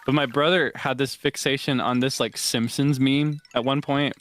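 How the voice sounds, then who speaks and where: A male streamer chatting casually during a game stream, giggly and quick to burst into laughing fits. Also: steady tone, fairly bright tone. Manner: giggly, breaks into frequent high laughing fits. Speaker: streamer host.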